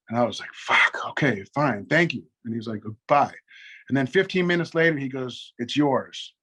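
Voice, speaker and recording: A man's voice: mid-range voice, fairly bright tone, husky. A middle-aged man telling a long, profane story in casual conversation, acting out both sides of phone calls. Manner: profane, rapid anecdotes with quoted back-and-forth. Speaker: guest.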